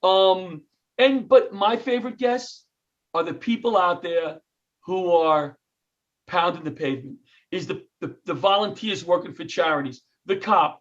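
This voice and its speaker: A New York man with a high, light voice, spinning an animated story and acting out what everyone said. The sound is dull and muffled, like a call recorded on a laptop. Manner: animated storyteller, acts out quotes, self-interrupting. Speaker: comedian and retired firefighter. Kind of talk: interview storytelling.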